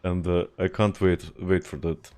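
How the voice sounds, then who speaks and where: A man's voice: deep voice, flat delivery, moderate pace, music in the background. A young man from Serbia, chatting casually and profanely while streaming a game, often laughing. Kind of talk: casual livestream chat while gaming.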